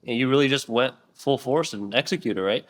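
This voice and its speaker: A man's voice: medium pitch, fairly quick. A man co-hosting an interview podcast, affirming the guest and often ending his points with "right?". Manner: affirming, keeps asking "right?". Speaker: podcast co-host. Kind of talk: casual interview talk.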